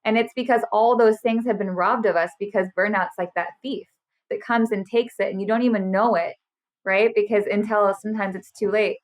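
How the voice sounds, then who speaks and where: A woman in her thirties who specializes in burnout is interviewed casually on a podcast, speaking briskly in a mid-range voice. Her tone is earnest and lively, and she acts out quotes.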